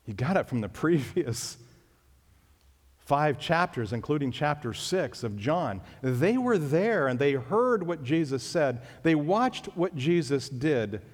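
A man preaching a sermon as pastor, emphatic and leaping up in pitch on key phrases. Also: expressive, slow. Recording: long reverb of a hall.

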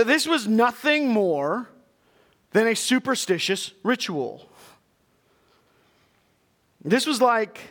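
A man's voice: high voice, a bit bright. A man preaching a sermon from Texas, reading scripture aloud and then explaining it earnestly to his congregation. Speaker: pastor.

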